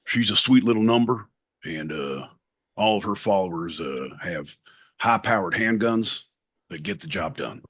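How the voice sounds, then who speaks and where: A man putting on a Southern US accent, playing a gruff gun-loving man with a low drawl. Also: lively intonation, unhurried, a bit bright, exaggerated voice. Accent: Southern US, put on.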